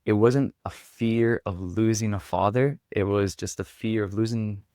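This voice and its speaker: A man's voice: on the low side, fairly even intonation, unhurried, warm tone, no echo, studio quality. A man, a podcast guest, telling a personal story candidly and reflectively, with many filler words. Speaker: podcast guest, performance coach.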